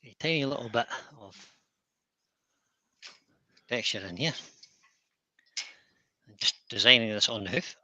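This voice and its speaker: A man's voice: mid-range voice, lively intonation, a little slow, long pauses, sharp tone, no room sound. A man hosting a casual live stream, explaining his woodturning steps as he works. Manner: explains each step as he works. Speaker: host demonstrating woodturning. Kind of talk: casual live-stream chat while working.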